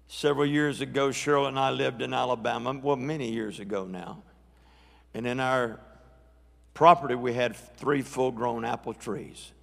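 Gravelly male preacher in a reverberant church. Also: mid-range voice, steady tone, normal speed. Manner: rising, emphatic preaching that climbs louder as he builds. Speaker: guest preacher. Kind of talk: live sermon. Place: church sanctuary. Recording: long church hall reverb.

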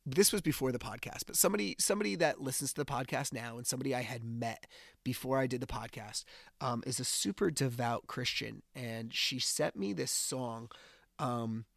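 A man hosting a podcast, telling a personal story in a casual, animated way and acting out the dialogue. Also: mid-range voice, normal speed, creaky, no echo, clean studio sound. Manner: animated, acts out dialogue while retelling. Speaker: podcast host.

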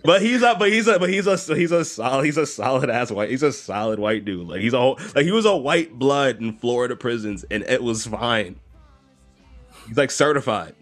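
A man's voice: mid-range voice, lively intonation, brisk, soft background music. A man co-hosting a casual chat, telling rambling stories with frequent laughs and restarts.

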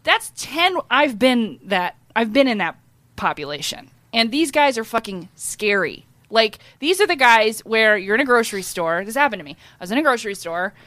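A woman in casual chat, telling stories in an animated, joking way with lots of "like" fillers. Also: fairly high pitch, moderate pace, dry recording. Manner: animated, joking storyteller who acts out voices; frequent "like" fillers.

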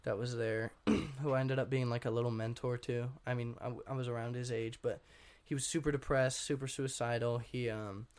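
A young man, a guest on an interview show, telling his story in a rambling, casual way, full of fillers and frequent throat clearing. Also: medium pitch, fairly even intonation, brisk, hardly any pauses, darkish tone. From Washington state. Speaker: guest artist.

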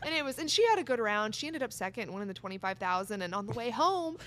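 Bright-voiced woman telling a story. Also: fairly high pitch, fast, a little hiss or hum. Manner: animated, laughing, acts out quotes. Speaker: guest, barrel racer. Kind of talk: casual storytelling.

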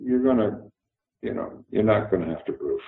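A man's voice: on the low side, animated, normal speed, vocal fry, echoey room, phone-quality sound. Older Canadian man telling candid stories. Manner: candid, profane, acts out dialogue. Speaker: guest actor. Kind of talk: casual interview storytelling.

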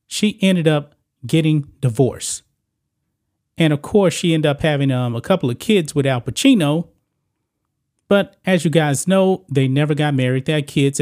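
Blunt, moralizing man with a higher voice. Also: a little mellow. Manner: blunt, moralizing, talks directly to viewers. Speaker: channel host. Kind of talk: opinionated celebrity news commentary.

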